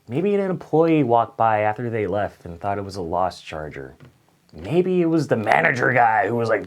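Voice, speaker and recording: A young man telling a funny story straight to camera, swinging from loud acted-out outbursts to low mutters. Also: normal speed. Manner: animated, swings between loud outbursts and mutters, acts out voices. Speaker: storyteller vlogger.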